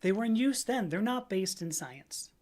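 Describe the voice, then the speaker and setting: A woman's voice: medium pitch, expressive, moderate pace, darkish tone. A middle-aged American woman hosting a casual livestream, answering chat comments in a rambling way, often correcting herself. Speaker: livestream host reading chat.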